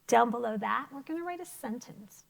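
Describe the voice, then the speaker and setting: A woman's voice: a little high, animated, fairly quick, vocal fry. A woman teacher giving a vocabulary lesson to children, encouraging them with questions and praise. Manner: encouraging, talks to young pupils with questions and praise. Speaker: elementary school teacher.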